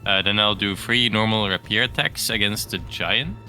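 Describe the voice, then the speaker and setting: A man playing a tabletop game, hesitant and full of pauses and ums. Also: lowish voice, pushed and bright, faint music behind. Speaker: player. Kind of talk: casual tabletop game play.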